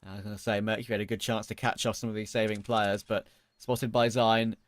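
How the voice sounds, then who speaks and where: A man doing live play-by-play esports commentary, calling the action quickly and excitedly. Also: lowish voice. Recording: broadcast with clear background noise.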